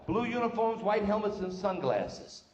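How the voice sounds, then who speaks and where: Brash stand-up comedian on a hall stage. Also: male voice, high-pitched, animated, a little mellow, highs cut off. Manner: brash, rapid-fire joke telling. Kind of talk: live stand-up routine. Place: live stage in a large hall. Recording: roomy live hall with faint noise.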